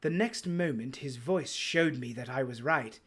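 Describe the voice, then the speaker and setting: A man giving a theatrical, unhurried dramatic read-aloud of a classic novel. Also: mid-range voice, fairly bright tone, breathy edge. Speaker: reader.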